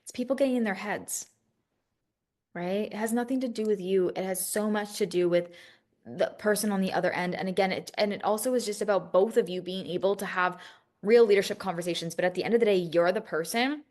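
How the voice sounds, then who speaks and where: A business coach hosts a solo coaching podcast, speaking in a brisk, slightly mellow, medium-pitched voice. She talks candidly and emotionally, swears freely, and restarts her sentences.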